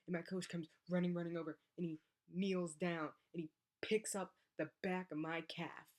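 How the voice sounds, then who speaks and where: A woman's voice: lowish voice, moderate pace. A young woman, a college athlete, telling a personal story in a casual vlog and acting out the voices of the people in it. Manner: animated, acts out voices in her story.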